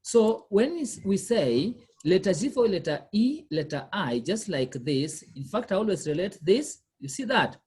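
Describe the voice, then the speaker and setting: A woman's voice: medium pitch, sing-song, moderate pace, hardly any pauses, darkish tone, slightly rough. A woman tutoring a learner one-on-one, patiently repeating questions and quizzing the learner as she explains. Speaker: language tutor. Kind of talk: one-on-one lesson.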